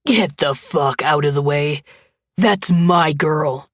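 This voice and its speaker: A woman's voice: low voice, slow pace, dry recording, studio quality, faint music behind, pitched below the performer's own voice. A woman voicing a menacing, abusive young man who growls threats and sneers. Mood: snarling.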